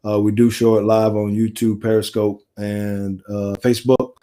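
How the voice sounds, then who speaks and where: A middle-aged man, a former football player and coach, telling stories in a casual interview and acting out the quoted dialogue. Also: moderate pace. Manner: animated storyteller, acts out quoted dialogue with rising pitch.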